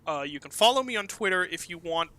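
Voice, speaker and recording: Bright-voiced talkative man, rambling. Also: high-pitched, expressive, quick pace, a little hiss or hum, rough recording. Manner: talkative, rambling with many fillers. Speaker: game developer guest. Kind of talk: casual interview chat.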